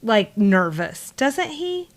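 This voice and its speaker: A woman's voice: mid-range voice, big pitch swings, slow pace. Southern woman podcast co-host, chatty, rambling recap delivery. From American South. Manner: rambling, many fillers and restarts. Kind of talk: casual chat recap.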